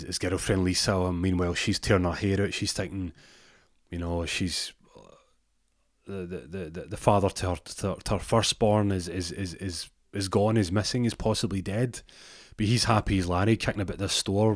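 A man's voice: low-pitched, steady tone, normal speed, no room sound, clean studio sound. A man telling an improvised comic story in a rambling way, often stumbling over repeated words.

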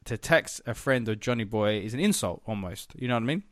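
A man's voice: fairly low pitch, animated, a little fast, no room sound, clean studio sound. A man co-hosting a podcast, recapping a TV episode in rambling casual chat, swearing freely. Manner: rambling and profane, with filler words. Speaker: podcast co-host.

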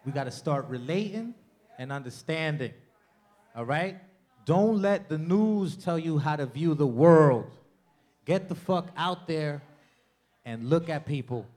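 Loud, profane man doing stand-up. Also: a little high, animated, a little slow, pauses often. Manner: loud, profane, crowd-working, mocking impressions. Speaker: stand-up comedian. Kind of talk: stand-up comedy set. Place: comedy club with bar.

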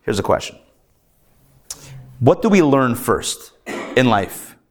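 A rabbi teaching a live class, telling stories in a lively, animated way with playful asides. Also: male voice, medium pitch, takes it slowly.

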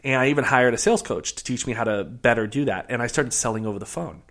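A man guest on a podcast, telling a story in a casual, animated way with many restarts. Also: mid-range voice, fast talker. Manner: animated, lots of fillers and restarts. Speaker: podcast guest, real estate investor.

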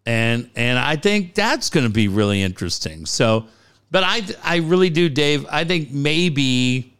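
Brief: male podcast co-host, animated and crude, resonant higher voice. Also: unhurried, clear, resonant tone. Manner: animated, profane, joking. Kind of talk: casual sports chat. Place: garage studio.

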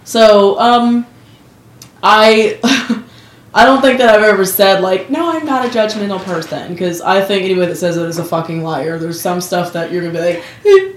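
A woman co-hosting a podcast in casual chat, blunt and quick to swear, laughing at herself. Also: mid-range voice, steady tone, reverberant, slight background noise. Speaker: podcast co-host.

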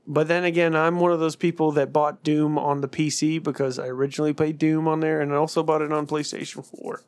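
A man with a fairly high voice chats loosely on a podcast, swearing freely and joking as he goes. His talk stays casual and lively, with plenty of fillers. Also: brisk. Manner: profane, joking, animated. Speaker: podcast co-host.

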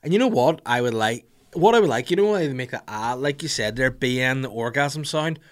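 A Northern Irish man in his thirties holds forth on his podcast, joking and ranting about pet peeves. His voice sits in an ordinary middle register, and he slips into quick voices to act out little scenes. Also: mid-range voice. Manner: animated, jokey, acts out little scenes with voices. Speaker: podcast host. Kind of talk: casual comedic rant.

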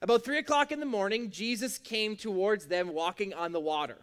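High-voiced young man preaching. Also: brisk, fairly bright tone, clear, resonant tone. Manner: conversational, acts out quotes with big pitch jumps. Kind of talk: sermon. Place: in a room with an audience.

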